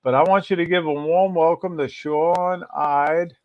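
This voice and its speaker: A man's voice: on the high side, fairly even intonation, measured pace, muffled recording. A man hosting a casual livestream and greeting viewers by name. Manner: reads out viewer names and greets them one by one. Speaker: livestream host.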